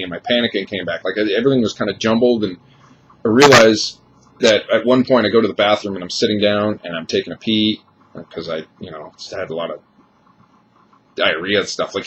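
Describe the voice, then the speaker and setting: A man in his thirties speaks in a rambling, confessional way, circling back and restarting his sentences. His voice sits fairly low. The recording is dull and lo-fi, with a faint hiss underneath. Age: 30s. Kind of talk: personal vlog monologue.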